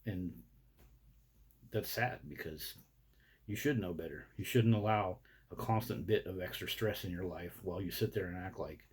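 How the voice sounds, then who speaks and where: A man's voice: deep voice, normal speed, breathy edge. A man delivering a blunt, indignant, profanity-laced rant to camera as a vlogger. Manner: blunt, indignant, heavy swearing.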